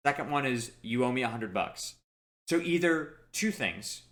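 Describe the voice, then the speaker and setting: Bright-voiced young man telling a story. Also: medium pitch, normal speed. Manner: animated anecdote-telling, quoting people in dialogue. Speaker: podcast co-host. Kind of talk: casual storytelling chat.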